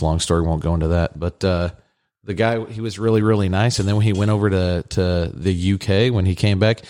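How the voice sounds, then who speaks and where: A man's voice: sits low, darkish tone. A middle-aged man co-hosting a podcast, telling rambling family anecdotes with lots of fillers in casual chat. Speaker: podcast co-host.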